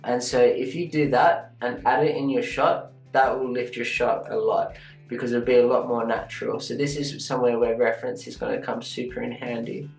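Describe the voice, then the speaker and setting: A man's voice: mid-range voice, fairly even intonation, moderate pace, gravelly. A man reviewing animation in a chatty, casual way, sometimes half-singing a line to show what he means. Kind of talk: casual teaching critique. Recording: echoey room with faint guitar music.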